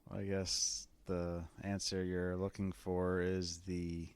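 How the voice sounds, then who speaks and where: A man's voice: low-pitched, monotone, takes it slowly, a little mellow, smooth, dry recording. A man hosting a casual podcast chat, asking dry, teasing questions. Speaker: podcast host.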